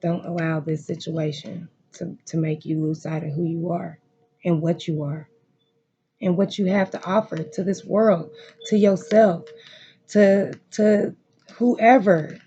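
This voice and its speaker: The audio is dull, and the voice is mid-range, husky, creaky, and dark, delivered flatly at normal speed. Reading cards from a room at home, this tarot reader addresses viewers directly with intense emotion, repeated encouragement, and plenty of profanity.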